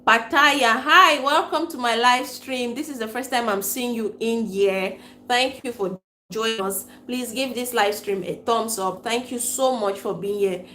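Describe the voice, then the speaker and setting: A woman's voice: on the high side, unhurried, bright, forceful tone. Laughing Cameroonian woman in an echoey room. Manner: laughs often, mixes pidgin and English. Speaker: livestream host. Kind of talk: casual livestream chat, reading viewer comments. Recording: roomy echo, faint room noise.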